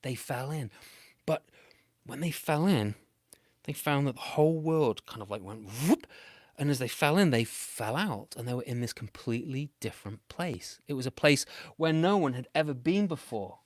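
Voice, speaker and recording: A British man tells an improvised story for children, playful and animated. His voice sits at an everyday middle pitch and swings often between loud and hushed. The sound is dry and close, with no room echo. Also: normal speed.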